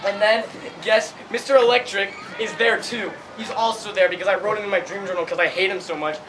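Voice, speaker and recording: A young man with a very high voice tells a wandering, made-up comic story, full of fillers and giggles. Clear background noise hums under the recording. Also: steady tone, a little fast. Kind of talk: rambling improvised comedic storytelling.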